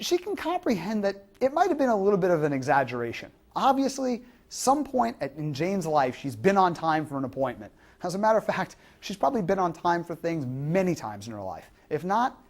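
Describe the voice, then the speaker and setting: A woman's voice: on the low side, darkish tone. A woman giving an instructional lecture to fitness trainers, explaining through examples and rhetorical questions.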